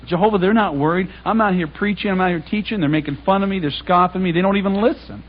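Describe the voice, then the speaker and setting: A man giving a talk to a congregation, animated and conversational, retelling scripture in everyday speech. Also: high voice, fast talker, hardly any pauses. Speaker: public speaker. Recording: dull lo-fi recording.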